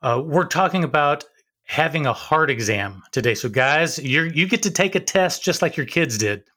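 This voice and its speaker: A man's voice: a little high, lively intonation, normal speed, sharp tone. A man speaking as a podcast guest, teaching fathers in an earnest, preacher-like way and sometimes acting out what others would say. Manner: earnest, preacher-like, acts out quoted voices.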